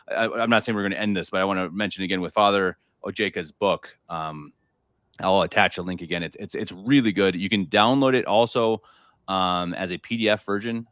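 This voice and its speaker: American guy hosting a live podcast, kinda low, repeats himself a lot, dry mic. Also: fairly bright tone, dry recording. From United States. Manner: rambling, repeats words, lots of fillers. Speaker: podcast host. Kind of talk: casual live podcast chat.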